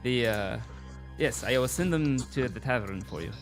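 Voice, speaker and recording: A man's voice: mid-range voice, lively intonation, moderate pace, faint music behind, lightly acted. A man voicing a courteous city informant with a vague generic European accent, speaking hesitantly in a tabletop role-play. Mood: helpful. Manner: hesitant, courteous, full of ums. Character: helpful male city informant and tracker.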